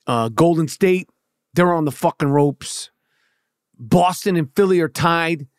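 Man with a New York accent, podcast host, heated cursing rant, fairly high voice, dry close sound. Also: measured pace, clean tone, no echo. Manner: profane, heated, stammering restarts. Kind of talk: casual monologue rant.

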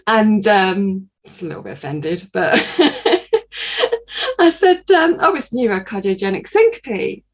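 A woman sharing a personal testimony as a podcast guest, telling her story in an animated way, with laughs and pauses. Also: mid-range voice.

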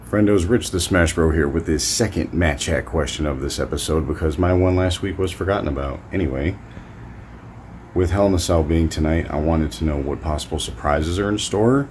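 A man's voice: very deep voice, brisk, darkish tone, slight background noise. A man leaving a chatty, rambling voice message with a question for a podcast. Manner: chatty, casual, a bit rambling. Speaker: caller. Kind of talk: recorded listener voice message.

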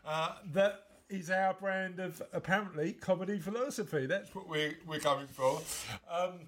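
A man's voice: sits high, moderate pace. A man hosting a podcast in a casual, rambling chat full of fillers and restarts. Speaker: podcast host.

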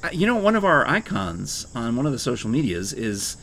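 Lively teasing man chatting. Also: medium pitch, fairly quick, a little hiss or hum. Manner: teasing, playful, animated. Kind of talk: casual chat.

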